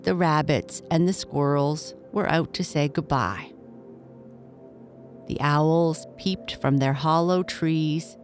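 A woman reading a children's bedtime story aloud in a gentle, measured way. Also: low-pitched. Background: faint music.

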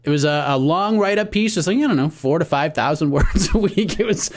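A man's voice: on the high side, expressive, a little fast. A man co-hosting a sports podcast, chatting casually and wrapping up the episode. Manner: upbeat, wraps up the show. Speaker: podcast co-host.

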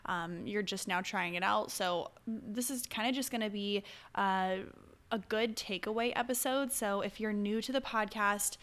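A woman's voice: mid-range voice, unhurried, fairly bright tone. Chatty young woman podcast host. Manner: chatty, upbeat, rambling asides. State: hiccuping. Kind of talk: casual solo podcast.

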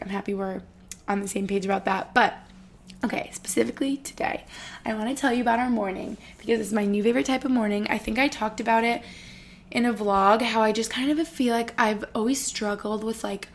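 A woman's voice: medium pitch, fairly even intonation, a little fast, vocal fry. A woman in her twenties talking casually and emotionally to her vlog viewers, filling her talk with "like". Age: 20s. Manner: chatty and emotional, lots of "like". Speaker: vlogger.

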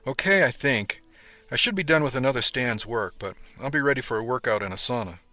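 A man voicing a young male ship crewmate, earnest and somewhat glum, in a plain, low-key delivery close to his own voice. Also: lively intonation, brisk, bright, forceful tone, no echo. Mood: easygoing.

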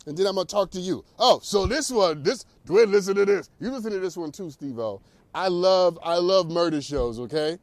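A man hosting a talk show, delivering an animated, preacherly monologue. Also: sits high, a little fast, no echo. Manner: animated, preacherly, laughs at own jokes. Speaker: host.

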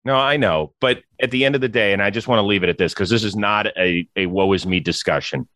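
A man's voice: fairly low pitch, fast, a bit bright, dry recording, studio quality. A man from Cleveland, Ohio, hosting a podcast and interviewing his guest in a chatty, joking way. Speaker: podcast host.

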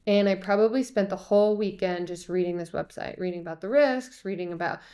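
Lively woman telling a personal story. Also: medium pitch, fairly quick. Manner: lively, acts out quoted voices. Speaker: podcast guest, TV host. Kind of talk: conversational storytelling.

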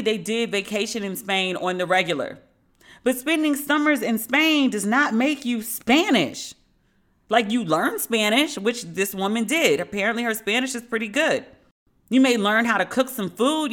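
A woman's voice: on the high side, animated, moderate pace, fairly bright tone. Sardonic woman podcast host. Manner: candid, slangy, sardonic. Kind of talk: casual storytelling monologue.

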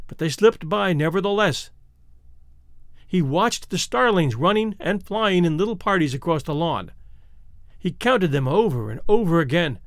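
A male audiobook narrator with a fairly high, gravelly voice that swoops widely as he reads. The reading is measured and expressive, with deliberate pauses, recorded close and dry. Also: dry recording. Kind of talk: scripted narration of classic short stories.

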